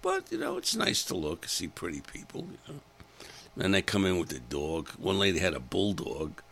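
An older man, a comedian telling crude, animated stories in a casual monologue and acting out the people in them. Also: low voice, moderate pace, vocal fry. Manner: animated storytelling, acts out other voices, blunt and crude. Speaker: comedian host.

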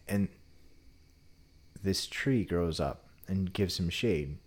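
A man casually retelling a Bible story in a relaxed, conversational way. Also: lowish voice, slow, long pauses. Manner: relaxed retelling, often drops to a quieter tone.

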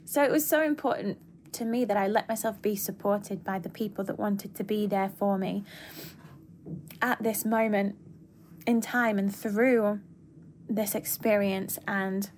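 A woman's voice: mid-range voice, steady tone, unhurried, a little mellow, a little hiss or hum. A young adult woman, a coach hosting her podcast, talking earnestly and emphatically in a reflective monologue, repeating key words for weight.

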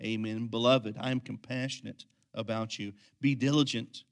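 A man preaching a sermon as pastor, swinging from quiet, intense lines to loud, energetic ones. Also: mid-range voice, moderate pace, vocal fry.

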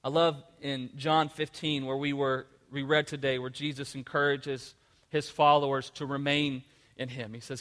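A man's voice: medium pitch, level tone, normal speed, fairly bright tone, long reverb tail. A man preaching a motivational sermon, emphatic, and often repeating words as he restarts. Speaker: pastor.

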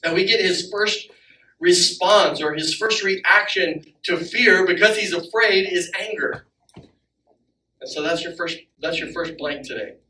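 A man in his thirties preaching a sermon as pastor, animated and acting out the quotes he reads. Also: a little slow. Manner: animated, acts out quotes with rising pitch. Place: church sanctuary. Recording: echoey hall, from a distance.

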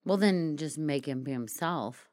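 A woman's voice: low voice, lively intonation, a little slow, darkish tone, no echo, studio quality. A woman co-hosting a podcast in a casual movie discussion, chatty and laughing often. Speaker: podcast co-host.

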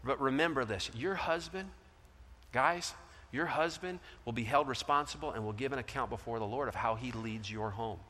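A middle-aged male pastor preaching a sermon, telling a story and acting out the voices in it, swinging between loud and soft. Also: medium pitch, moderate pace. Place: large church hall. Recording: long hall reverb.

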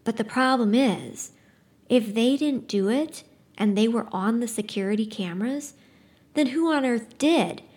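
A woman presenting a book in a book talk, chatting about its premise and then reading an excerpt aloud in a lively storyteller's delivery. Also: fairly high pitch, unhurried.

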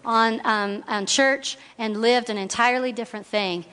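A woman shares a heartfelt testimony from the pulpit, bringing her story to life by acting out each voice. Her voice sits a little high. The sound rings with the long reverb of a church sanctuary. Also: steady tone, normal speed, a bit bright, clear, resonant tone. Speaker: guest speaker at church.

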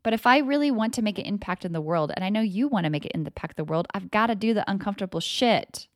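A woman's voice: medium pitch, expressive, fast, dry recording, clean studio sound. A woman hosting a motivational podcast as an energy coach, talking casually and emphatically and swearing freely. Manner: emphatic, swings into loud mock voices. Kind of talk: motivational solo podcast talk.

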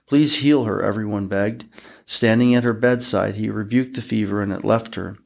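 A man hosting a podcast, reading Bible passages aloud in a measured, even way. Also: on the low side, creaky. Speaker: podcast host reading scripture. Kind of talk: scripture reading.

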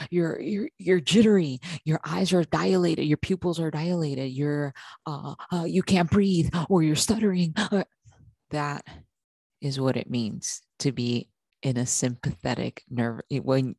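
Gravelly woman coaching mothers. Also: low voice, mellow, no echo. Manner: repeats herself, says okay often; often stops and restarts sentences. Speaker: podcast host. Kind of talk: motivational talk to mothers.

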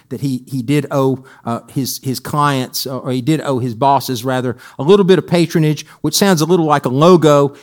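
A male pastor giving a sermon in a conversational way, with wry humorous asides and phrases repeated for emphasis. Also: mid-range voice.

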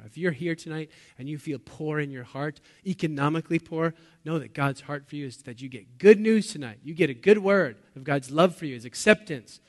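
This man is a pastor delivering a sermon, questioning his congregation throughout. Loud bursts give way to quiet, low lines and back again.

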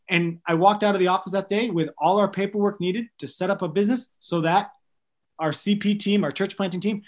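A man in his thirties, a missionary guest on a podcast, telling stories in an earnest, animated way with light jokes. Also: on the high side. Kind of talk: storytelling in a podcast interview.

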